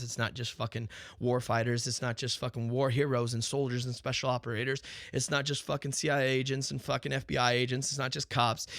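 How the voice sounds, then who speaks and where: A man's voice: medium pitch, a bit bright, dry recording, clean studio sound. A man hosting his own talk show, ranting profanely in an unscripted monologue, firing rhetorical questions and restarting his sentences.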